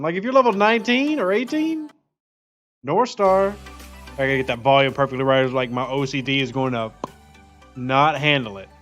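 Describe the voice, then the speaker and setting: Upbeat male streamer, fairly high voice, chatty with viewers; slightly dull audio, faint music under. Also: fairly bright tone. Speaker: game streamer. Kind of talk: casual live-stream chat.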